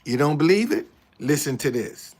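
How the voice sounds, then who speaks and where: A man's voice: a little high, lively intonation, normal speed, darkish tone. A man giving preachy casual commentary as an online host, emphatic and repeating his words like a preacher.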